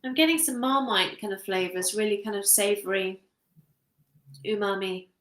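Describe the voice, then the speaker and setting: A woman judges cheese on a video call, relaxed and agreeable as she describes flavours in detail. Her voice sits at a middle pitch. The room around her rings with a noticeable echo. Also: moderate pace. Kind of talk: casual judging chat over a video call.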